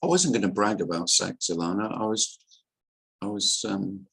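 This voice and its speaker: Host, man in his sixties: husky low voice, wry self-mocking chat, video call. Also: very animated, normal speed, a bit bright, rough recording. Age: 60s. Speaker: meeting host. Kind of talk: casual group talk.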